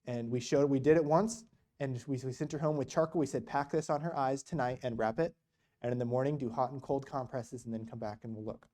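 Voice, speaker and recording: Man telling mission stories with a mellow voice. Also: medium pitch, fairly quick. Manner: casual, animated storytelling with many restarts. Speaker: guest speaker on mission work. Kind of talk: storytelling church talk. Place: church.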